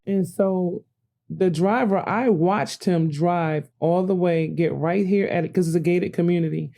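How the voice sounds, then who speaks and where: Older host, mellow voice, rambling and animated. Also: female voice, fairly low pitch. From New Jersey. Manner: rambling, animated, self-correcting. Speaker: podcast host. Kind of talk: casual storytelling monologue.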